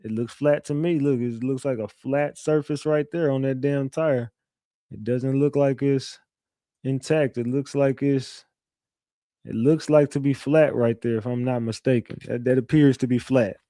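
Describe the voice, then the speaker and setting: A man's voice: medium pitch, fairly even intonation, moderate pace, dark tone, no echo, studio quality. A man hosting a casual livestream, talking loosely and profanely, repeating himself and reading viewer messages aloud. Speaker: livestream host.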